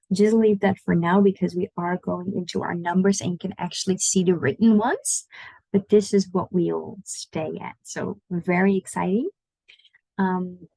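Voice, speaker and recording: A woman with a Dutch accent teaching an online Dutch lesson in English, patiently saying Dutch words slowly for the learner to copy. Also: lowish voice, steady tone, gravelly, mellow, no room sound, rough recording.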